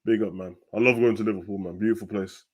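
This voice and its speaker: A young man hosting a live football watch-along, chatting in slang and rising to loud, excited play-by-play. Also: fairly low pitch, fast talker.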